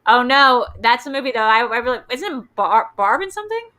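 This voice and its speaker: A woman's voice: on the high side, big pitch swings, brisk, pushed and bright, low-quality recording. A young woman hosting a casual chat, rambling with lots of fillers. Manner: chatty, rambling with many fillers. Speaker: host.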